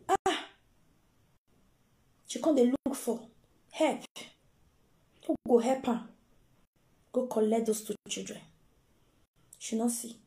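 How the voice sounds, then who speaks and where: A Nigerian woman tells a story with lots of drama, her voice high and bright in pitch but mellow in tone. She acts out the people in her tale. The sound bounces around an echoey room. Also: takes it slowly, vocal fry, pauses often. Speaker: storyteller host. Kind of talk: casual storytelling in pidgin.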